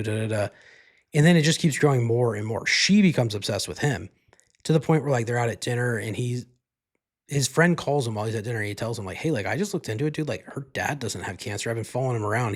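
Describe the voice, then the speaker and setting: Fast-talking man, rambling movie recap. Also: fairly low pitch, vocal fry, breathy edge. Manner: rambling, fillers like "like" throughout, casual swearing. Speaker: podcast host.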